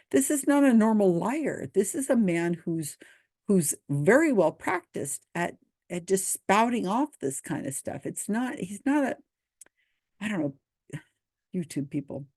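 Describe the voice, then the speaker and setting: A woman's voice: mid-range voice, warm tone, no room sound. Dry skeptical woman reading comments. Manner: skeptical, dry, reads comments aloud and answers them.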